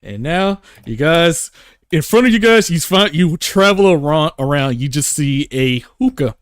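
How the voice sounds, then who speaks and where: Male game master, joking, fairly high voice, dry close sound. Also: animated, unhurried, clean tone, no echo. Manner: loose, joking. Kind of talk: narrating a tabletop game.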